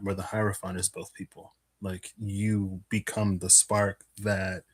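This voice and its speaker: A man with a fairly low voice gives a relaxed, casual card reading, thinking out loud as he lays out the cards. He pads his talk with fillers and soft chuckles and sounds a little out of breath. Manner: musing aloud, many fillers and little laughs. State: a bit out of breath. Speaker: tarot and Lenormand card reader.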